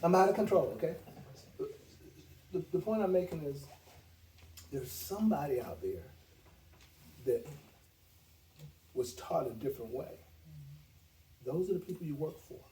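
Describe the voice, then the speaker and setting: A man's voice: fairly high pitch, expressive, a little slow, pauses often, dark tone. A man giving a sales training talk, emphatic and repetitive, often checking in with "okay?". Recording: echoey room from far off, noisy.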